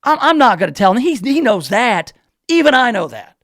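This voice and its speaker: Male talk radio host with a high pitch, dry close mic; rambling, self-deprecating storyteller. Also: very animated, normal speed, a bit bright, no room sound. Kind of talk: casual talk radio monologue.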